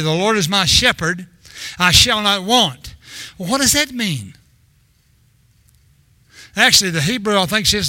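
A man's voice: sits high, sharp tone, no room sound. An older man preaching a sermon in a rambling, storytelling way, often restarting his sentences.

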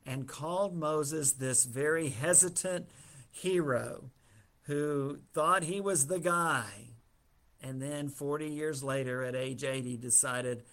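A man's voice: a little high, slow, fairly bright tone. A man teaching a Bible study, retelling the story casually with humorous asides.

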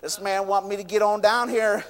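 A preacher voicing a proud, angry army commander who grumbles with scorn. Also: male voice, sits high, fairly even intonation, normal speed, a bit bright, voice pushed down. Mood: scornful. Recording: preached in a reverberant church hall.

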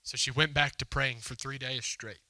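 A man's voice: medium pitch, fairly even intonation, moderate pace, bright, forceful tone, no room sound. A man preaching a sermon as a pastor, telling a story in a conversational, emphatic way and acting out the quotes. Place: church hall before a congregation.

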